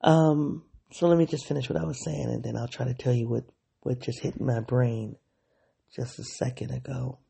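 Gravelly, husky podcast host thinking aloud. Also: mid-range voice, fairly even intonation, moderate pace, warm tone. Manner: candid, thinking aloud, self-analyzing. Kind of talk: reflective solo diary podcast.

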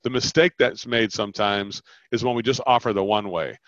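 A man coaching on a podcast, animated and quick, often acting out customer lines as he explains sales talks. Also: on the low side, dry recording, dull audio. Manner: animated, fast-talking, acts out customer lines.

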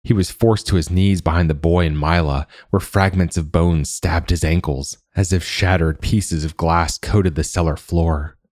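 A man narrating a dark fantasy audiobook in a measured, deliberate way. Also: low voice, fairly even intonation, no room sound, studio quality.

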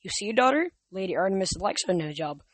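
A young man voicing a cruel, gloating Titan father who speaks in a slow, mocking, booming way in a storybook reading. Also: animated, a bit bright, no room sound.

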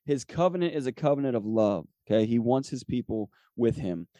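A man teaches from the Bible for his podcast in a relaxed, conversational way. His mellow, low-toned voice keeps checking in with "okay?" as he reads scripture aloud. The close mic gives a dry sound. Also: brisk, dry recording. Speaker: podcast host and preacher.

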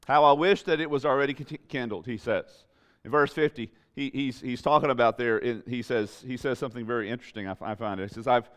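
A man's voice: medium pitch, fast talker, fairly bright tone. Man preaching an emphatic sermon. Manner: emphatic, repetitive preaching with rising intensity. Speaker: pastor.

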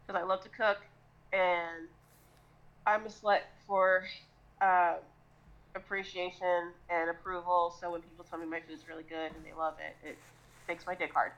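A woman co-hosting a podcast, telling a crude, lively comic scenario full of swearing. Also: lowish voice, normal speed, dull audio. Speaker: podcast co-host. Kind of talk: casual comedic storytelling.

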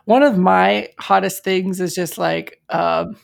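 A woman's voice: on the low side, steady tone, takes it slowly, vocal fry. A woman in a candid podcast chat, telling stories in a rambling way full of fillers.

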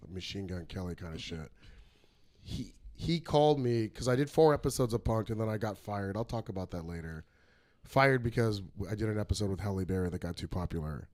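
Casting: male comedian host, lowish voice, loose storytelling. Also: brisk. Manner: animated storyteller, swears freely. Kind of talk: casual storytelling chat.

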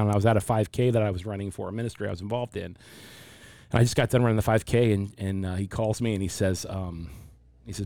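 A man in his forties with a low, mellow voice, talking through his faith in an unhurried, reflective way. He often stops and restarts his sentences. The recording is dry and close. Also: fairly even intonation, no room sound. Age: 40s. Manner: reflective, halting with many restarts. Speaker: pastor. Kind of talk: casual faith discussion.

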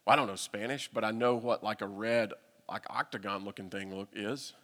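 A man with a Southern US accent, a pastor telling a humorous, animated story during a sermon. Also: on the low side, fairly quick. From United States. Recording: long reverb from a hall.

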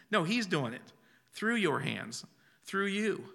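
Man, pastor, sermon, conversational, laughs often, bright tone. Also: high-pitched, very animated, takes it slowly, creaky. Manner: conversational preaching with frequent laughter and restarts.

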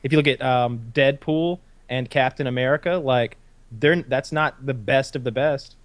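Brief: mid-pitched man, dry close sound, talks things through, repeats words while thinking. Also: steady tone, moderate pace, dry recording. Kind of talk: casual chat. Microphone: video call.

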